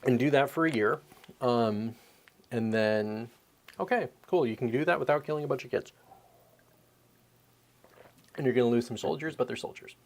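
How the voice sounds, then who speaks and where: Guy in his 30s ranting on his podcast, swears a lot, rambles, gets worked up, medium pitched voice. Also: normal speed, long pauses. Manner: profane, animated, rambling. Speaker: podcast host. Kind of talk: casual opinion rant.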